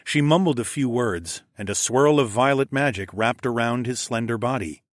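Brief: male audiobook narrator, mid-pitched, steady and measured, dry close mic. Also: dry recording. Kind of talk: scripted first-person narration.

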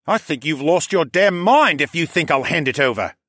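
Proud young count voiced by a male narrator, firm commanding tone, slightly raised pitch, dry storybook sound. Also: lively intonation, moderate pace, a bit bright, no echo. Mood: angry defiant. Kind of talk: audiobook character voice.

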